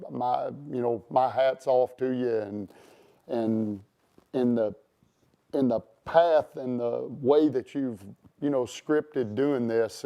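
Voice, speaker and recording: Rambling host, mellow smooth voice. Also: male voice, medium pitch. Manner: rambling, many fillers and restarts. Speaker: show host. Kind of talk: casual interview chat.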